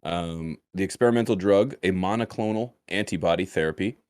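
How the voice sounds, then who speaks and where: A man's voice: sits low, a little fast, darkish tone, clear, resonant tone, dry recording. A man co-hosting a casual podcast, talking loosely and stumbling and repeating words as he reads and chats. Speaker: podcast co-host. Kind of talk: casual chat.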